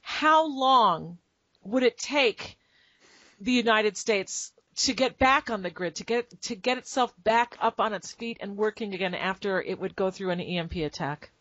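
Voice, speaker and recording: A woman's voice: mid-range voice, animated, measured pace, a bit bright, no room sound. A middle-aged woman hosting an interview, talking conversationally with hesitant fillers. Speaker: interview host. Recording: dry, dull lo-fi audio.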